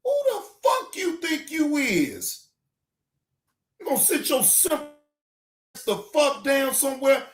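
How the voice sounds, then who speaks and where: High-voiced man ranting in an echoey room. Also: wildly swooping pitch, unhurried, pauses often. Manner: heated, profane, often shouting. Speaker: reaction channel host. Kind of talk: ranting commentary.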